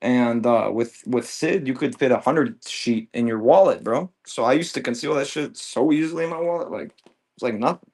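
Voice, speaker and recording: A man with a mid-range, slightly mellow voice talks at a moderate pace as he sells on a live stream. He spins a long, laid-back, rambling story packed with swearing and fillers, in the manner of casual storytelling chat.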